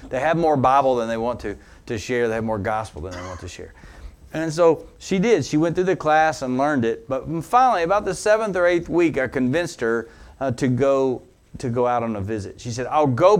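A man preaching as a pastor. He tells an anecdote with animated energy, then turns low and earnest for the teaching. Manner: animated storyteller who laughs along with his own anecdote. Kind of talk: sermon storytelling.

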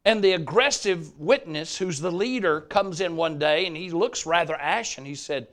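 An older Southern man preaching from the pulpit, his voice pitched high for a man. He tells stories with animated storytelling and acts out the people he quotes. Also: normal speed, few pauses. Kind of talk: sermon storytelling.

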